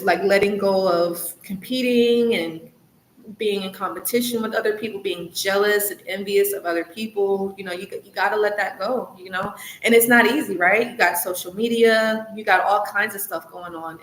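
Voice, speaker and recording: A woman's voice: mid-range voice, fairly even intonation, normal speed. Chatty woman giving advice in an echoey room. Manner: chatty, loose, full of "like" and "you know"; earnest and encouraging, repeats herself for emphasis. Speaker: channel host, coach on recovery from narcissistic abuse. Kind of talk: casual advice vlog. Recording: echoey room with faint background hiss.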